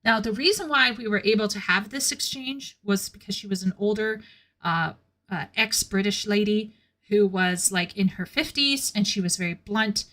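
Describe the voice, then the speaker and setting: A woman's voice: mid-range voice, moderate pace, pushed and bright. A woman hosting a casual live stream and talking freely with her chat. Her voice sits in an ordinary middle range, and she is blunt and candid, often laughing at her own remarks.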